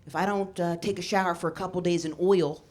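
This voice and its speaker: A woman comedian performing a stand-up set, telling stories in a deadpan way and acting out the people in them. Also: on the low side, quick pace. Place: comedy show before a laughing audience. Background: audience laughter.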